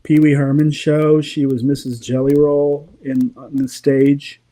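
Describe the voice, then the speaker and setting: A man's voice: fairly high pitch, flat delivery, unhurried, warm tone. A middle-aged man, a voice actor and comedy writer, telling stories in a rambling way and chuckling often in a casual chat.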